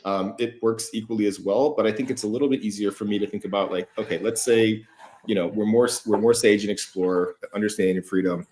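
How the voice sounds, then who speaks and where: A man's voice: lowish voice, fairly even intonation, fast talker, darkish tone, a little hiss or hum. A man hosting a casual feedback conversation, talking loosely with plenty of fillers and swearing. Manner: loose, profane, lots of fillers. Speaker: host giving feedback.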